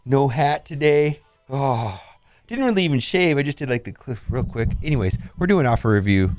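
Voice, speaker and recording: A man's voice: mid-range voice, sing-song, moderate pace, a little mellow, no echo. A man hosting a casual game video, reviewing store offers with blunt verdicts and laughs. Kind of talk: casual commentary.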